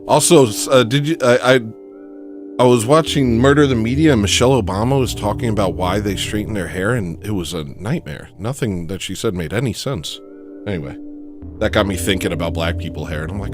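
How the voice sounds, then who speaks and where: A man hosting a comedy livestream, rambling deadpan through absurd asides. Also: fairly low pitch, fairly quick, over music.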